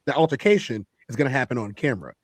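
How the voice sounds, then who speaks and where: A man's voice: mid-range voice, lively intonation, very fast, no room sound, studio quality. A man hosting a heated panel discussion, emphatic and repeating phrases for stress.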